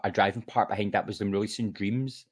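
A man's voice: on the low side, fairly even intonation, fast talker, slightly rough. A man co-hosting a podcast, chatting casually and reading news aloud with many fillers. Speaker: podcast co-host.

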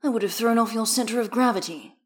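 A woman reading the lines of a sharp-tongued, bossy young male figure skater in a fan story, in a crisp, dry manner. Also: fairly high pitch, quick pace, voice pushed up, natural voice. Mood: regretful.

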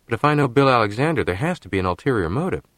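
A man's voice: medium pitch, animated, very fast, a bit bright, no room sound, clean studio sound, voice pushed up, lightly acted. A man voicing a young wife and new mother who asks practical, questioning things. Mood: doubtful.

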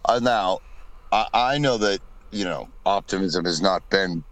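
A man's voice: low-pitched, measured pace, a bit bright, no room sound, poor audio. A man co-hosting a podcast in casual chat, blunt, opinionated and profane. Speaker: podcast co-host.

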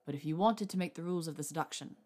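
A woman voicing a brooding, possessive young wizard man who murmurs low and husky. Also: racing, a little mellow. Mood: teasing firm.

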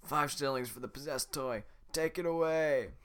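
A man's voice: a little high, normal speed, fairly bright tone, clear, resonant tone, pitched above the performer's own voice, lightly acted. A man voicing a callous male head guard who barks curt orders. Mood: bossy.

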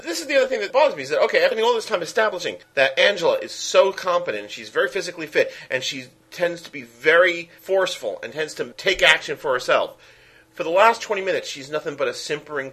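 A man with a Brooklyn accent co-hosting a podcast, casually reviewing a film in an animated, ranting way and acting out characters. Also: fairly high pitch, quick pace, breathy edge. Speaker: podcast co-host.

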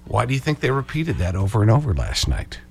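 A man hosting a call-in radio talk show, sarcastic and animated, hammering phrases over and over. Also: lowish voice, fast talker, gravelly, breathy edge, no echo.

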